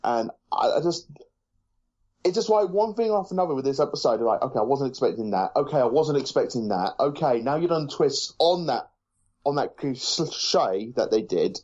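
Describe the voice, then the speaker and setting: Brief: male co-host, medium pitch, rambling casual delivery, muffled lo-fi recording. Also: lively intonation, moderate pace, darkish tone. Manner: rambling, many fillers and restarts. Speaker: podcast co-host. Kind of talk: casual review chat.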